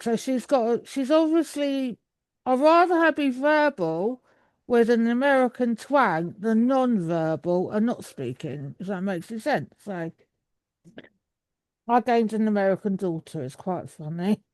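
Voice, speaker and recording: A woman's voice: a little high, expressive, unhurried, a little mellow, dry recording. A woman in her thirties, chatting over a video call in a rambling way with many restarts. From England. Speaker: guest. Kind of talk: casual video call chat.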